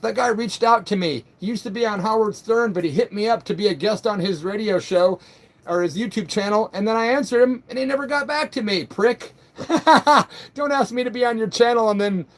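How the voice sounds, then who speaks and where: High-voiced, profane livestream host. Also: male voice. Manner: loose and profane, quick to flare up then laugh it off. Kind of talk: casual live-stream chat reading comments.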